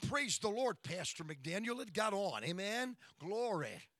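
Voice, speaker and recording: A man's voice: high-pitched, very animated, measured pace, hardly any pauses, fairly bright tone, no room sound, clean studio sound. A middle-aged male pastor telling stories in a sermon, emphatic and folksy, often breaking into praise. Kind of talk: storytelling sermon.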